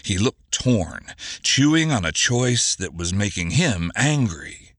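A man narrating an adventure audiobook in a measured, expressive way. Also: fairly low pitch, no echo, clean studio sound.

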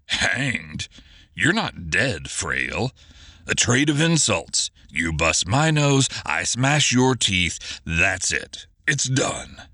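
A man voicing a mocking, gloating male brawler in an audiobook, close to his own lively low voice. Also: very slow, no echo, exaggerated voice. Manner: scornful, gloating. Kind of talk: audiobook character voice.

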